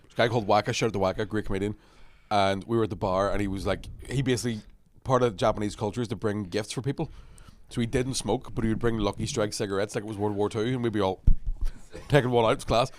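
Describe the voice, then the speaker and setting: Fast-talking comedian host. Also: male voice, fairly low pitch, steady tone. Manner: quick, rowdy, swearing storyteller. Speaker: podcast host and stand-up comedian. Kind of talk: casual podcast banter.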